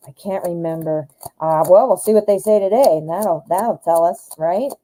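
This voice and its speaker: Excitable woman giving tarot readings. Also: fairly low pitch, normal speed, a little hiss or hum, poor audio. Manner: excitable and giggly, often gushing. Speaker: tarot reader and live-stream host. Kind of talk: chatty live tarot reading.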